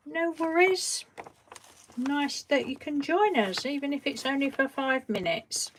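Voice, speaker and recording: In a high voice, a little slow, a woman runs a craft live stream, casually greeting viewers, replying to the live chat and offering gentle reassurance. She tends to trail off mid-sentence and begin again. A little hiss or hum is audible.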